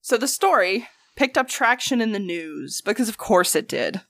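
A woman with a Southern US accent co-hosting a relaxed, casual podcast. Her humor is dry and she laughs often. The sound is close to the mic and dry. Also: mid-range voice, moderate pace, dry recording. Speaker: podcast co-host. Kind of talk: casual chat.

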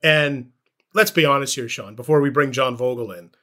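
A man's voice: mid-range voice, moderate pace, sharp tone. A man hosting a sports podcast, chatting casually and telling a story with animation. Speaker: podcast host.

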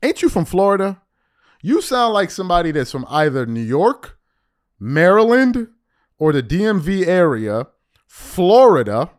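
Blunt, lively sports commentator. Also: male voice, a little high, dry recording, clean studio sound. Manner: blunt, mocking, animated, teasing then insisting it's jokes. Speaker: sports commentary podcast host. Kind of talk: opinionated sports commentary monologue.

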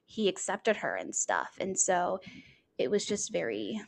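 A woman's voice: lowish voice, big pitch swings, a little slow, creaky. A young adult woman co-hosting a casual book-club podcast, rambling with lots of fillers like "like" and "and stuff". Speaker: podcast co-host.

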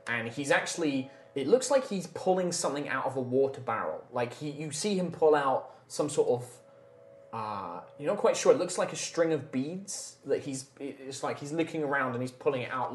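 A man's voice: medium pitch, lively intonation, brisk. A man narrating as game master of a tabletop game, loose and rambling with many fillers. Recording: echoey room with faint music.

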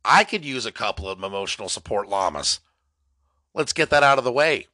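Bright-toned comedic podcast host, dry close sound. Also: male voice, lowish voice, very animated, fairly quick, dry recording. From California. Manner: rambling, mock-dramatic, swings between loud outbursts and mutters. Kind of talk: comedic solo podcast monologue.

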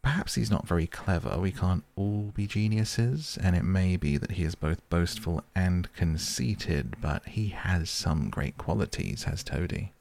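A man voicing a good-natured male water rat who talks cheerfully and briskly in a storybook reading. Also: low-pitched, lively intonation, vocal fry, darkish tone, full character voice. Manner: cheerful, brisk, easily indignant.

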